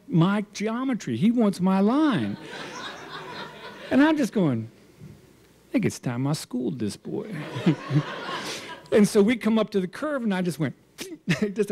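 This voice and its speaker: An older man in his sixties tells a funny personal story to a live crowd. His voice sits fairly high for a man and swoops up and down with real animation. He pokes fun at himself and chuckles as he goes. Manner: animated, self-mocking, chuckling. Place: stage at a storytelling show.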